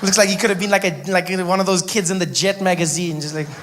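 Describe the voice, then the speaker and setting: A man's voice: high voice, fairly even intonation, fast, a bit bright, a little hiss or hum. A man from South Africa doing a stand-up comedy routine, telling stories animatedly and acting out the scenes.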